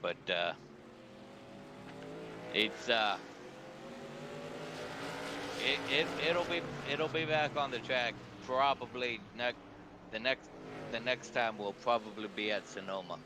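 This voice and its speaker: A man as color commentator in a race broadcast, talking haltingly with many restarts. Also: medium pitch, noisy background.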